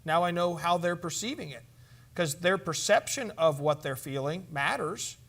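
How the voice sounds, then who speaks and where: A man with a high voice leads a church conference session. He talks emphatically, pauses to quiz his listeners, and slips into short acted counseling dialogues as examples. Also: fairly bright tone. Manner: emphatic, asks the room questions, acts out sample counseling dialogues. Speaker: conference teacher on biblical counseling.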